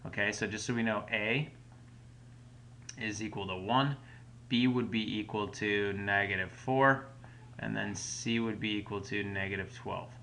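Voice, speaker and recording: A man's voice: fairly low pitch, steady tone, unhurried, vocal fry, pushed and bright, a little hiss or hum. A man teaching a recorded math lesson at home, explaining each step patiently in a casual way. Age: adult parent.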